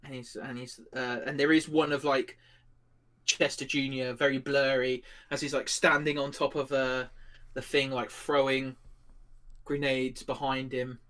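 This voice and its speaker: A man's voice: medium pitch, level tone, measured pace, a bit bright. A man narrating a tabletop game as game master, in a rambling style full of fillers. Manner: rambling, filler-heavy description.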